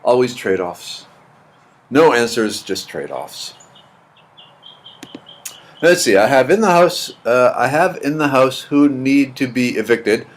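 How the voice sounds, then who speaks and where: A man's voice: mid-range voice, animated, slow, long pauses. A man hosting a casual live stream at home, greeting viewers by name and rambling with dry jokes into his computer's built-in mic. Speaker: live stream host reading chat. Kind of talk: casual chat. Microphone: computer's built-in mic, not his usual one.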